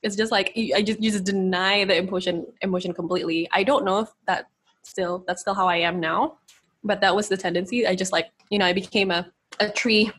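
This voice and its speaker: A woman's voice: mid-range voice, steady tone, brisk, a bit bright, breathy edge. A woman in casual, reflective conversation who laughs often. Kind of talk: casual chat.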